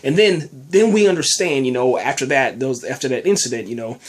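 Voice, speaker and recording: A man's voice: medium pitch, brisk. A man hosting a podcast, giving a casual, rambling spoken review full of fillers and restarts, often saying "man". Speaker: podcast host reviewing a TV episode.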